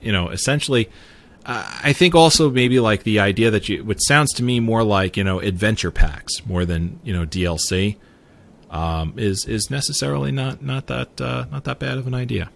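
A man's voice: on the low side, lively intonation, normal speed, vocal fry. A man hosting a casual podcast, hesitant and repeating words with fillers. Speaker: podcast host.

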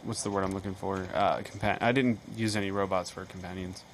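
A man's voice: sits low, steady tone, fairly quick, a little hiss or hum. A man co-hosting a podcast in casual chat, joking around with playful asides. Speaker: podcast co-host.

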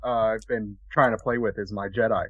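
A man chatting casually about a video game, animated and rambling, often restarting his sentences. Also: fairly low pitch, a little fast, dry recording, highs cut off. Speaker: podcast guest co-host. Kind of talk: casual gaming chat.

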